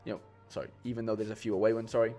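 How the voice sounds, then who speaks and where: A man's voice: lowish voice, little pitch movement, racing, warm tone, soft background music. A man chatting casually on a live stream, rambling with lots of fillers and restarts and calling his viewers "mate". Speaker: streamer building fantasy football lineups.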